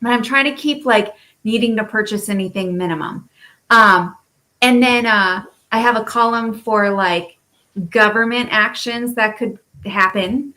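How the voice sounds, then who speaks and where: Animated woman with a bright voice. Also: fairly high pitch, measured pace. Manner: animated, laughing, rambling explanations. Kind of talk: casual live audio chat.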